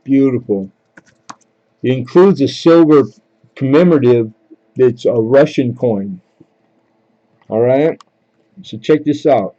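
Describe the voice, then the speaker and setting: A man's voice: medium pitch, slow pace, pauses often, warm tone, highs cut off. Laid-back man calling a coin auction. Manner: casual, joking, chatty between bids. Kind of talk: live-stream auction calling.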